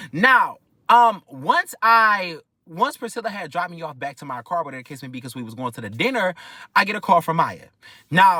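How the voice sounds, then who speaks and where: A young man from Detroit with a Detroit accent, telling a personal story in an animated, profane way with many filler phrases. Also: on the high side, no echo, clean studio sound. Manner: animated, profane, keeps repeating "whatever the case may be". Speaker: vlogger. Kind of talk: casual storytime.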